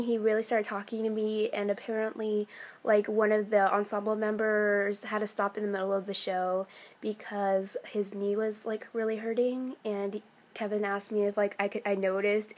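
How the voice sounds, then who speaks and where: A teenage girl from the United States telling a casual vlog story, chatty and excitable, full of "like" and "um". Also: medium pitch. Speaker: vlogger.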